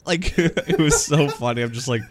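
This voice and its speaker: A man's voice: on the high side, normal speed, a little hiss or hum. A man co-hosting a casual sports podcast, talking in an easygoing way with many uh and um fillers. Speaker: podcast co-host. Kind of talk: casual chat.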